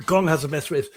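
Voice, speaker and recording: A middle-aged man with a fairly high voice, guesting on an interview show. He tells long, animated stories and keeps restarting his sentences. His delivery is casual and chatty. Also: slightly rough. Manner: animated, rambling anecdotes with frequent restarts. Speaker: musician guest.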